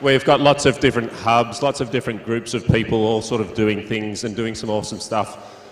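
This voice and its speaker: A man's voice: medium pitch, level tone, fairly quick. A man giving a reflective acceptance speech with many fillers. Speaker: award winner. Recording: echoey hall.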